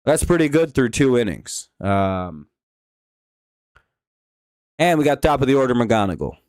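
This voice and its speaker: Man, live stream host, casual game commentary, rambling, swears, smooth clear voice, dry close sound. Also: mid-range voice, big pitch swings, measured pace, a little mellow, dry recording. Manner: rambling, profane, offhand.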